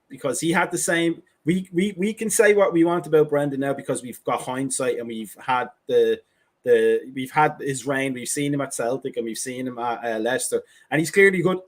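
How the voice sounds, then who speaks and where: A man hosting a football podcast, stammering a little as he poses questions in casual chat. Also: medium pitch. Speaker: podcast host.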